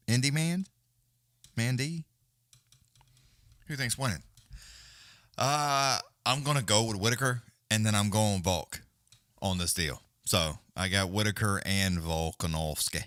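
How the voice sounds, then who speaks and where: Male streamer, casual and profane, very lively delivery, dry close sound. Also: on the low side, no room sound. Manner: rambling, profane, animated. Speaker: livestream host. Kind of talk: casual live-stream chat.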